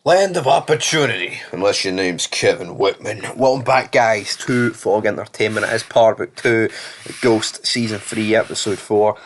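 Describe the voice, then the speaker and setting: A man talks through a TV episode recap in a relaxed, offhand way, his voice sitting a little low. He is opinionated and blunt, and he drops sarcastic asides as he goes. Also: normal speed, slight background noise. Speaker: TV series reviewer.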